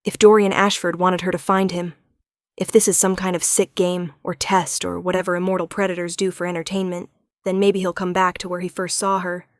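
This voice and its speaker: A woman narrates a romance story in a measured, dramatic way, keeping her pitch flat and even. Her voice is recorded on a close mic and sounds dry, with no room echo.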